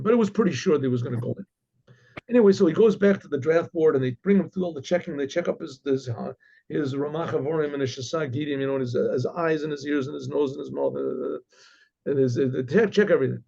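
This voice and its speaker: A male rabbi tells a story in a loose, halting way and keeps clearing his throat. His voice is fairly high for a man, gravelly and husky. The recording is dull and lo-fi. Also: dark tone. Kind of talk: oral storytelling.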